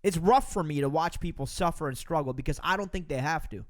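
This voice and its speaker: A Romanian podcast host delivers a preachy, emphatic motivational monologue to his listeners. His voice is on the high side, and he talks fast.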